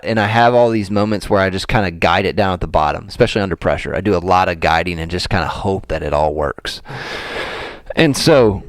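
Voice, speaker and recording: A man co-hosting a casual podcast, telling a story with animated swings as he acts out his own frustration. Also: lowish voice, dry recording. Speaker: golf coach and podcast co-host.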